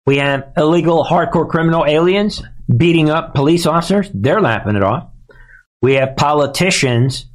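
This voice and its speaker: A man hosting a political commentary livestream. He is emphatic and combative, and keeps calling his audience "ladies and gentlemen.". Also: mid-range voice. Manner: indignant and combative. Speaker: talk show host.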